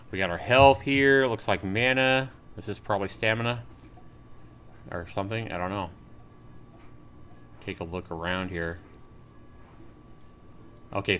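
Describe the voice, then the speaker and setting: A man's voice: lowish voice, a bit bright, a little hiss or hum. A man live-streaming a game, reading on-screen text aloud and chatting casually with viewers as he plays. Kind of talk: live gameplay commentary.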